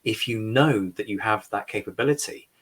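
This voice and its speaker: A man's voice: on the low side, normal speed, fairly bright tone, breathy edge. A man hosting a history podcast livestream, giving opinionated commentary with dry sarcastic asides. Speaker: podcast host. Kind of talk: livestream reaction discussion.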